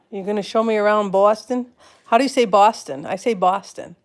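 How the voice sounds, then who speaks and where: A chatty woman hosting a home livestream, her voice sitting at an ordinary middle pitch. She reads viewer comments aloud and playfully repeats words back as questions, trying out how they sound. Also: normal speed. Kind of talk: casual live-stream chat.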